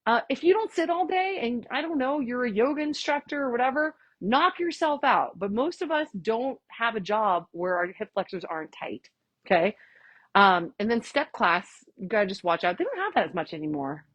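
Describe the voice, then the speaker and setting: A woman's voice: fairly high pitch, expressive, moderate pace, dry recording, muffled recording. A woman chiropractor giving a workshop talk, sassy, blunt and fired-up, chatting casually with her audience. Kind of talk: live workshop lecture.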